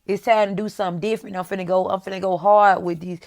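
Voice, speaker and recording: A woman's voice: medium pitch, flat delivery, fast talker, a little mellow. Candid woman vlogger speaking her mind. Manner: emphatic, repetitive, talks straight to viewers. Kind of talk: candid motivational vlog talk.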